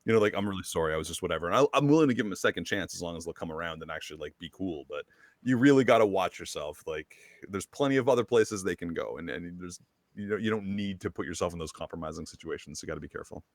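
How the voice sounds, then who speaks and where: A man with a Canadian accent talking casually on a streamer panel, rapid and self-deprecating. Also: deep voice, lively intonation.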